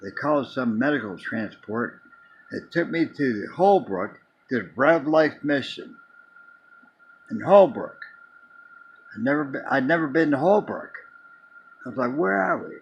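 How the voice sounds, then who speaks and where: A man's voice: mid-range voice, expressive, a little slow, long pauses, lo-fi sound, a little hiss or hum. A man casually telling a long personal story in a rambling way, restarting and repeating words as he goes. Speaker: vlogger.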